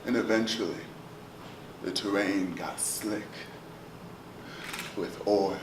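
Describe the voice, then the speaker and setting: A man performing spoken word poetry in a rhythmic, chanting delivery that swings between loud calls and near whispers. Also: lowish voice, takes it slowly. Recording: roomy echo, distant mic, steady ambient noise.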